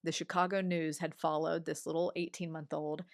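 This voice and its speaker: In studio-quality audio with no echo, a woman in her forties with a low-sitting voice speaks at a moderate pace. She's an interview show guest and an animated storyteller, sharing a personal story conversationally and acting out others' remarks.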